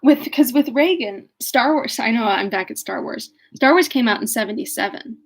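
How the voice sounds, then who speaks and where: A young woman with a fairly high, husky and expressive voice reads from a novel at normal speed, then shifts into casual, thoughtful commentary. She laughs a lot and trails off while searching for what she wants to say.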